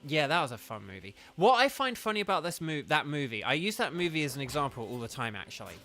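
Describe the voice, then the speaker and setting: On the high side and fast, his voice swings widely in pitch and sounds pushed and bright, with soft music in the background. He's a young southern English gamer rambling casually on a livestream, saying "like" a lot.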